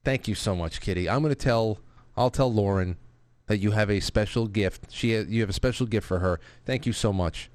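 A man's voice: fairly low pitch, moderate pace, a little mellow, no room sound. A man hosting a casual live talk show who reads out viewer messages and rambles with restarts and profane asides. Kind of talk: casual live-stream talk, reading super chats.

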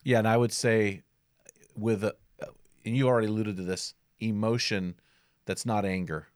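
A man hosting an interview, reflective and quick with short agreements. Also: fairly low pitch, steady tone, clean tone, no room sound, studio quality. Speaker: podcast host. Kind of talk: interview conversation.

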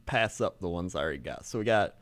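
A man co-hosting a podcast in casual chat, laughing often and slipping into loud mock sports-fan voices. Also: deep voice, expressive, fast talker. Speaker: podcast co-host.

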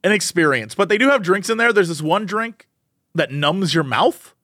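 A podcast co-host with a high-pitched voice chats casually at a normal speed, telling a story packed with acted-out quotes as an animated storyteller. The recording is dry and clean, with studio sound.

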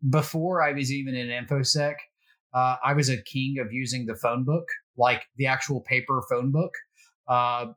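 A middle-aged man recounts his work exploits in easy, self-deprecating storytelling. He pauses on fillers and keeps things conversational, with a plain, mid-range voice. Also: mid-range voice, steady tone, a bit bright. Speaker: security guest. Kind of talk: casual storytelling.

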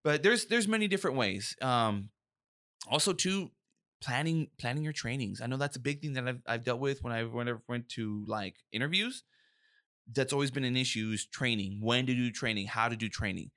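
A young man talks through workplace safety on a casual podcast, animated and emphatic, slipping into little acted-out quotes. His voice sits mid-range and is recorded close and dry with no room sound. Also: mid-range voice, moderate pace, dry recording. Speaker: podcast co-host, safety professional.

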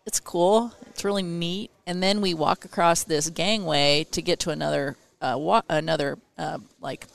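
A middle-aged woman, an astronaut's wife, telling a story in a casual, easygoing chat with frequent pauses. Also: lowish voice, fairly even intonation, creaky. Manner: chatty, easygoing, with frequent ums.

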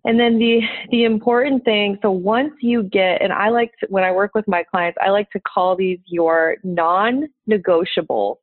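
A woman's voice: mid-range voice, fairly even intonation, unhurried, few pauses, dry recording. A woman talks through dating advice in an earnest, encouraging way, like a coach with her clients. Her voice comes through a thin, phone-like line with no room sound around it. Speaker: dating coach, podcast guest. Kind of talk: conversational interview. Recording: tinny phone-like line, dry.

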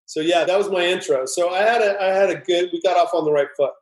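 Animated man telling a story, roomy sound. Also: high voice, fast. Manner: animated, acts out voices in anecdotes. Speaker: screenwriter guest. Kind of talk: casual storytelling. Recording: roomy echo.

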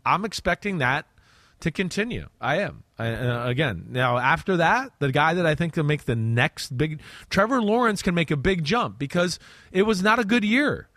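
A man's voice: a little high, big pitch swings, moderate pace, fairly bright tone, no room sound, clean studio sound. A man with a New Jersey accent co-hosting a casual sports podcast, chatty and self-correcting, full of fillers. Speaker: podcast co-host, football analyst.

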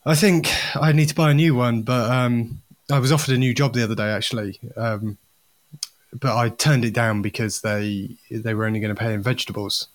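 Man, podcast co-host, deadpan, dry one-liners, medium pitch. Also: fairly quick. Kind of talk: casual dad-joke swapping.

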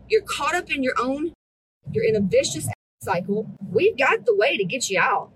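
A woman's voice: fairly high pitch, lively intonation, fairly quick, a bit bright, a little hiss or hum, rough recording. A woman in her thirties, a fitness coach ranting bluntly at her group, profane and exasperated. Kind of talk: blunt motivational rant.

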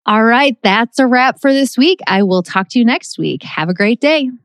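A woman's voice: fairly high pitch, expressive, normal speed, clean tone. A middle-aged woman hosting a solo podcast, talking in a chatty, reflective way with plenty of fillers. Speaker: podcast host. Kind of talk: casual solo podcast talk.

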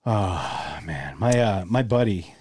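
A man co-hosts a casual podcast, joking and laughing easily as he talks into a boom mic. His pitch swings widely and lively across each line. The sound is close and dry, with no room echo. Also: slow pace, slightly rough. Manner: jokey, laughs often. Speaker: podcast co-host. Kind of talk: casual chat.

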